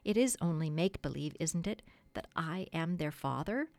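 A woman reading aloud who voices a carefree young boy, puzzled and a little anxious, in a plain, slightly lowered voice. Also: expressive, normal speed, darkish tone, dry recording.

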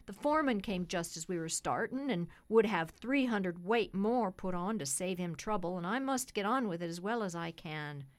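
A woman voicing a blunt working-class male carter with a rough, gruff manner. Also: fairly low pitch, expressive, normal speed, few pauses, natural voice.

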